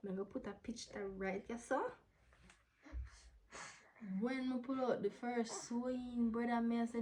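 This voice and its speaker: A young woman, answering viewer questions in a candid, casual vlog, sometimes dropping into a soft whisper. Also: a little high, fairly even intonation, measured pace, pauses often, a little hiss or hum, rough recording. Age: young adult. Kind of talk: casual Q&A to camera.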